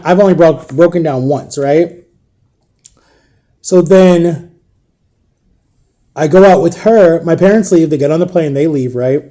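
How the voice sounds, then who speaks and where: Grieving man, soft and halting. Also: on the high side. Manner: halting, repetitive retelling. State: grieving, subdued. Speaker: vlogger. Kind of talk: emotional storytime.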